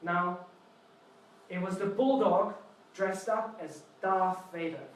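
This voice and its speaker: A high-voiced man presents a live seminar lecture at a slow pace, explaining through playful little stories and calling on the audience. He is picked up from a distance in a very echoey university room with faint background noise.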